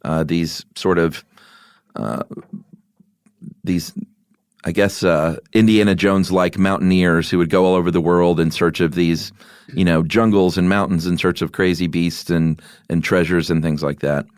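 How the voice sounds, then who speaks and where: A man's voice: deep voice, steady tone, normal speed, clear, resonant tone, no echo, clean studio sound. A man co-hosting a podcast in casual chat, joking and self-deprecating as he tells a story. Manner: joking, self-deprecating, slips into silly voices. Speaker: podcast co-host.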